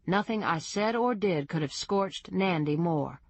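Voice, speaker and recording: A woman reading a first-person novel aloud as a steady audiobook narrator. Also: fairly low pitch, a little slow, hardly any pauses, dry recording. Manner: reads in first person, lightly voicing characters. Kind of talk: scripted narration.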